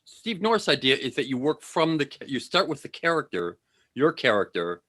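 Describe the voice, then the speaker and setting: A man guesting on a live comedy podcast as a comedian, self-deprecating and quick to laugh. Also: mid-range voice, big pitch swings, bright, forceful tone.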